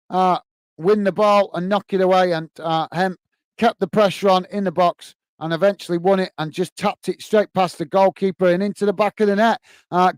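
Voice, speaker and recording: A man from England hosting a fan watch-along, giving excited live match commentary and reading out chat comments. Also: high-pitched, smooth, no echo.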